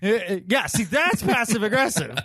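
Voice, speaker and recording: A man's voice: high-pitched, very animated, normal speed, fairly bright tone, slightly rough, no echo, studio quality. A man co-hosting a sports podcast, talking in a casual, emphatic and sarcastic way. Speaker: podcast co-host.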